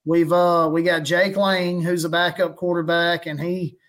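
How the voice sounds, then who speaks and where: A man's voice: on the high side, level tone, unhurried. A man, a guest chatting casually about his football team, rambling and chuckling as he tells stories. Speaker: guest fan podcaster. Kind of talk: casual chat.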